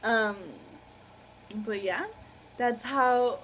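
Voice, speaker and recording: A woman's voice: on the high side, fairly even intonation, very slow, fairly bright tone, a little hiss or hum, low-quality recording. A woman in her twenties telling a personal story to camera in a casual, rambling way, full of fillers and a little awkward. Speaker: vlogger.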